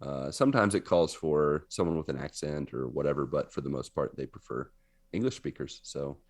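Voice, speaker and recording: A man co-hosting a podcast in casual chat, an animated storyteller who laughs often and slips into silly voices. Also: extremely low pitch, fairly quick, no echo. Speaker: podcast co-host.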